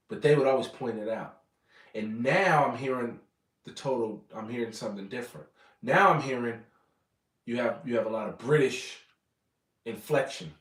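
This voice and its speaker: Casting: American man vlogger, casual rambling chat, mid-range pitch, set back from the mic in an echoey room. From United States. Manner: rambling, self-correcting, repeats words. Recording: roomy sound, mic at a distance.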